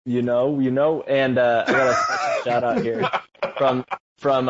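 Man, podcast co-host, rambling, mid pitch, dull lo-fi audio. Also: huge pitch swings, unhurried, a little hiss or hum. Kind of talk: casual chat. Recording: dull lo-fi sound.

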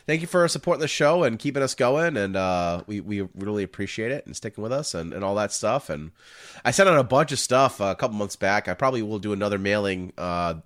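A man co-hosting a casual podcast, talking in a rambling way with many fillers, with a froggy vocal fry and a hoarse voice. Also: lowish voice, animated, fast talker, a bit bright. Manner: rambling, lots of filler words. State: hoarse, coughing. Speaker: podcast co-host.

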